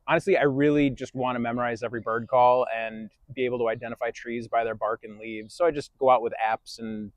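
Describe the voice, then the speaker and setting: Man, brisk delivery, teasing guest, dry close mic. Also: medium pitch, steady tone, dry recording. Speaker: podcast guest. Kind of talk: casual chat.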